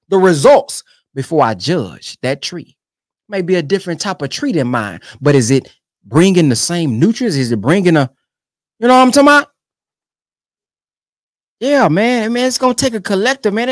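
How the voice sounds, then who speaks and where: A young man giving emphatic, animated commentary on a sermon clip he is reacting to. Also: sits high, normal speed, dry recording, clean studio sound. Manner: animated and emphatic, keeps urging "come on, man". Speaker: online commentator.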